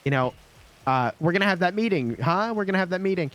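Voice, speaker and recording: A man voicing a flustered male police officer who pleads and fakes calm. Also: high voice, fast, pitched above the performer's own voice. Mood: nervous pleading. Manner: pleading, forced cheerfulness.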